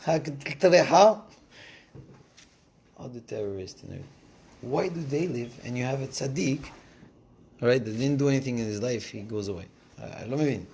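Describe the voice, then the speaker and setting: A man's voice: mid-range voice, breathy edge. Man telling Bible stories. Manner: animated storyteller, switches languages. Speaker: Torah teacher. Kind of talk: casual Torah lesson.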